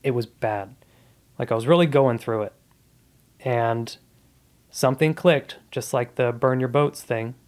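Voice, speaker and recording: A man's voice: medium pitch, a little slow, pauses often, darkish tone. A man in his thirties, a comedian guest on a podcast, telling his life story in a casual, earnest and reflective way.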